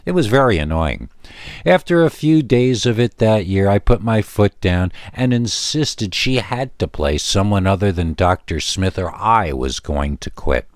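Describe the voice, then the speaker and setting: Man, very deep voice, story narrator, steady reading, dry close sound. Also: unhurried, no echo. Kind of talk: scripted first-person story narration.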